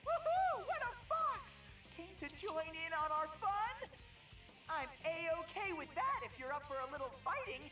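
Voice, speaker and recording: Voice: medium pitch, expressive, unhurried, far from the mic, close to an everyday voice. An actor voicing a bear costume mascot who hosts a fighting tournament, switching between stiff mechanical announcements and bouncy, showy taunts. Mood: gleeful, showy. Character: bear costume mascot turned game host, flips between cold and hyper. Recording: echoey game audio over loud music.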